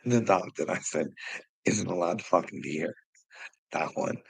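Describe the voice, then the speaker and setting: A middle-aged livestream host rants heatedly at his chat in a low, creaky voice with a breathy edge, swearing a lot and laughing often at a normal speed. The audio is poor but dry, with no room sound.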